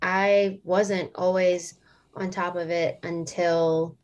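A woman's voice: lowish voice, level tone, slow. A woman in her late twenties, a singer, telling a story in casual interview chat, rambling and filling it with "like" and "um". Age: late 20s. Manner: chatty, rambling storytelling full of "like" and "um". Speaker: singer and stage performer guest.

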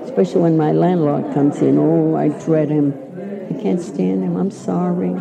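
Gravelly older woman reminiscing. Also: low voice, fairly even intonation, moderate pace, crowd noise, rough recording. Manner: chatty, rambling, laughs at her own stories. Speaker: interviewee. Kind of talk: reminiscing oral history.

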